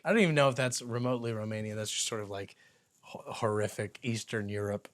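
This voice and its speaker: A man hosting a comedic film recap, with sarcastic, deadpan asides. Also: fairly low pitch, brisk. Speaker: YouTube host explaining films.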